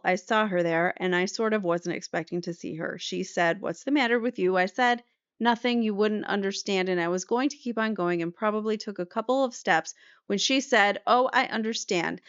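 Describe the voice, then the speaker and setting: A woman voicing a young male defendant, answering cross-examination in a halting, defensive way. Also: mid-range voice, dry recording, close to an everyday voice. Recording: slightly muffled dry recording.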